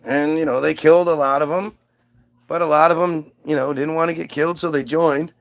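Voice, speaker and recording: A man's voice: a little high, fairly even intonation, a little fast. A man delivering a rambling, profane comic monologue. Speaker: comedian.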